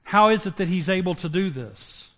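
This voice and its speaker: An older man preaching a sermon to his congregation, mixing folksy jokes with passages that swing from loud and emphatic to low and hushed. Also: animated, normal speed. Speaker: pastor.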